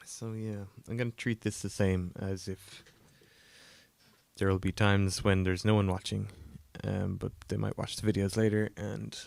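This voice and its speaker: A man with a low, gravelly voice, croaky from a coming cold, talks casually through his game code on a livestream. He rambles with fillers and self-deprecating asides. The sound is dry and close, with no room around it. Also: flat delivery, unhurried, a little mellow, dry recording. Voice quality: gravelly, lower than usual. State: croaky, getting a cold, yawning. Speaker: indie game developer streaming his work. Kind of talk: casual livestream commentary while coding.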